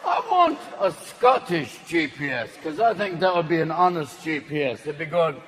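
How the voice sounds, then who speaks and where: A man's voice: a little high, very animated, moderate pace, fairly bright tone, a faint crowd. A man in his sixties doing stand-up comedy, manic and swearing. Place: comedy stage with audience. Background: audience laughter.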